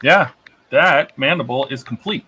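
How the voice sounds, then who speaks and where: A man in a casual group chat while building a model, thinking out loud about his next steps. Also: mid-range voice, measured pace, breathy edge. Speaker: model-building stream regular.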